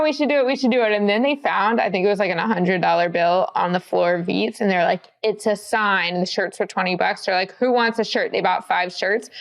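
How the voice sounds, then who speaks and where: Young woman sports reporter, wry and relaxed, voice with lots of vocal fry. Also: medium pitch. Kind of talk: casual sports chat.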